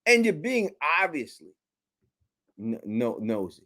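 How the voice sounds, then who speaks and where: A man's voice: medium pitch, wildly swooping pitch, unhurried, fairly bright tone. A man co-hosting a casual show recap, laughing often, swearing and mimicking characters. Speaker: podcast co-host.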